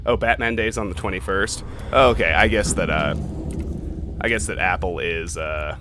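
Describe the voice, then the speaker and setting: A man's voice: low-pitched, normal speed, background noise. A man hosting a let's play, chatting casually as he plays, thinking aloud and swearing offhandedly. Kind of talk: casual gaming commentary.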